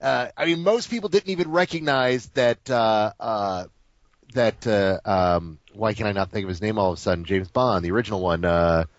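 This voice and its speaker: A man co-hosting a casual podcast, talking about movies in an opinionated way, swearing freely and pausing on "uh" while he hunts for words. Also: on the low side, dry recording. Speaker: podcast co-host. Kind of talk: casual chat. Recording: dull lo-fi dry podcast audio.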